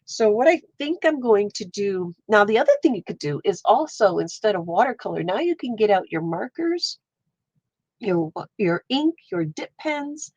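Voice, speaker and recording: A woman's voice: mid-range voice, big pitch swings, normal speed, a little mellow, dry recording, lo-fi sound. A woman hosting a casual watercolour livestream, stuffy-nosed, chatting with viewers while she paints. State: stuffy nose. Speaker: livestream host. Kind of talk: casual live art stream.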